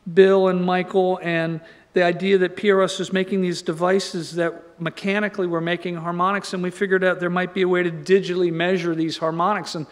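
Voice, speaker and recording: A man giving an informal lecture, rambling and joking as he tells stories. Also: high-pitched. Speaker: guest lecturer. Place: lecture hall. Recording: long reverb in a lecture hall.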